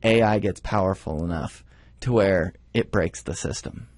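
A man's voice: low-pitched, normal speed, darkish tone, no room sound. A man co-hosting a radio show in casual banter, playful and eager, calling himself a pessimist.

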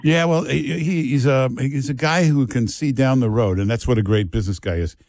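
A man's voice: mid-range voice, a little fast, creaky, darkish tone, no room sound. A man hosting talk radio, blunt and joking, talking to callers and his co-host. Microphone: studio mic.

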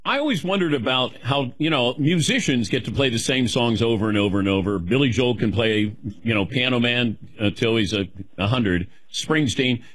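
A man's voice: medium pitch, moderate pace, hardly any pauses, fairly bright tone, no echo. A man hosting a casual interview, asking playful questions and laughing easily. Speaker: interview host.

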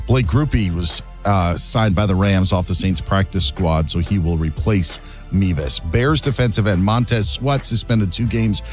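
A man delivering a sports news update in a steady, matter-of-fact way. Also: low voice, unhurried, faint music behind.

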